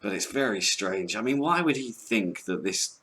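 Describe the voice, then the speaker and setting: A man chatting as a guest, hesitant and halting, with crude jokes. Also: on the low side, expressive, a bit bright. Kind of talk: casual podcast chat.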